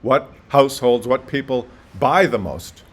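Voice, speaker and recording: A man talks straight to the viewer in an indignant, explanatory commentary. His voice sits at a middle pitch for a man. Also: expressive, measured pace, breathy edge. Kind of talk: video commentary.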